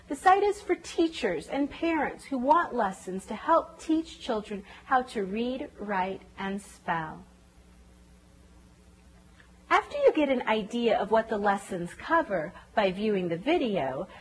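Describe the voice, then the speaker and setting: A woman narrating a scripted tutorial for teachers, clearly explaining step-by-step reading lessons and carefully sounding out phonemes. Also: a little high, a little hiss or hum. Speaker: reading teacher demonstrating a website. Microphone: voice-over.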